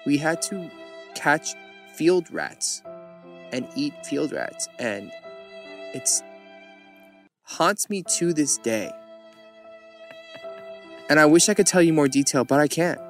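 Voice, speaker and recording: A podcast host in his thirties tells casual stories, chatting, laughing a lot, and switching into voices to quote people. He speaks slowly with long pauses, in a fairly high voice with lively intonation, over soft background music.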